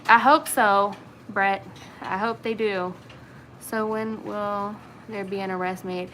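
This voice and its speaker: A woman's voice: mid-range voice, fairly even intonation, slow, fairly bright tone, a little hiss or hum, low-quality recording. A woman from Virginia with a Southern accent, hosting a casual livestream and chatting through viewer comments with lots of fillers. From Virginia, Blue Ridge region. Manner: chatty, many fillers, reads comments aloud. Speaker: livestream host.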